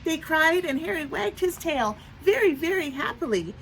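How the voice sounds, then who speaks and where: A woman teacher reading a picture book aloud to young children outdoors in the rain, in an expressive, sing-song storytelling manner. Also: extremely high pitch, normal speed, rough recording. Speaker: preschool teacher. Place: outdoors in the rain near a road. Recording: traffic noise from passing trucks.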